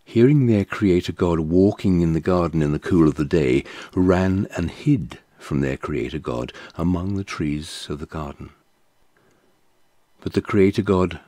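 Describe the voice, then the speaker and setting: Slow deep-voiced man reading scripture. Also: mellow, no echo. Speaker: scripture reader.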